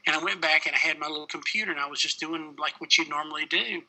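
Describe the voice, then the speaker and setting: Man, middle-aged, gravelly, bright edge, plain-spoken paramedic storytelling. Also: fairly high pitch, fairly even intonation, fast, rough recording. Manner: plain-spoken, many fillers like "you know". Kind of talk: personal storytelling in an interview.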